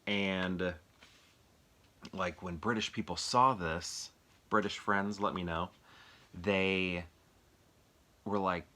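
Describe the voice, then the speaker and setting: A man's voice: sits low, steady tone, takes it slowly, long pauses, sharp tone. An American man chatting casually on his own, rambling and thinking aloud while asking the viewers questions. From United States. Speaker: movie collector reviewing films. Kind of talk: casual solo video chat.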